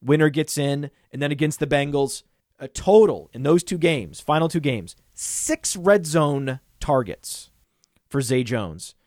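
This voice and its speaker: Excitable man rattling off lists. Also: fairly high pitch, unhurried, no room sound, clean studio sound. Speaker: podcast co-host. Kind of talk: casual podcast discussion.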